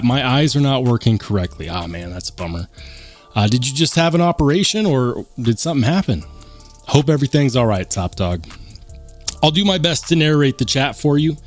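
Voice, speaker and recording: A man hosting a casual live stream, reading the chat aloud and joking about himself in a plain, unaccented voice. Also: medium pitch. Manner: chatty, reads chat aloud, self-mocking.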